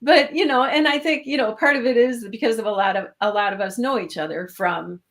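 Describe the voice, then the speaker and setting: A woman's voice: a little high, a little fast. Chatty woman with a Minnesota accent. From Minnesota, USA. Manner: chatty, laughs often. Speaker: interview guest, course alumna. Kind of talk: casual live-stream interview.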